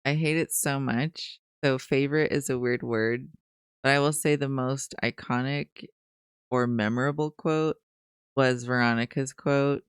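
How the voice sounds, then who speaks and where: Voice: medium pitch, fairly even intonation, a little slow, clear, resonant tone, no echo. A podcast co-host in casual chat, giving dry, blunt one-word summaries of characters.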